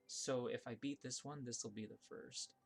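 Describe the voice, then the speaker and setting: A man's voice: moderate pace, gravelly, a little hiss or hum. Chatty man streaming a platform game. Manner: chatty, thinks aloud with many restarts and fillers; bursts of high excitement at surprises. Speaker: streamer playing viewer-made levels. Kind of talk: casual live-stream gameplay commentary.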